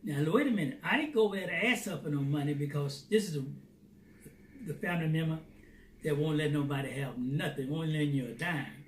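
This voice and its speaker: A man telling a personal faith testimony as a lively storyteller who acts out the dialogue. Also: fairly high pitch, fairly quick. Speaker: Christian theater founder. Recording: roomy, distant mic, faint noise.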